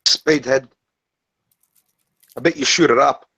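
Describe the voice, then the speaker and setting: A man's voice: mid-range voice, slow, bright, forceful tone, breathy edge. A man taunting someone in an online voice chat, needling her with repeated jibes. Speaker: voice chat room participant. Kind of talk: mocking online voice chat banter.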